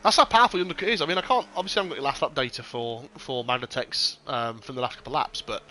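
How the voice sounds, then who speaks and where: A man giving casual, excitable sim racing commentary with lots of banter and swearing. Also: mid-range voice, racing, a little hiss or hum. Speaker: race commentator.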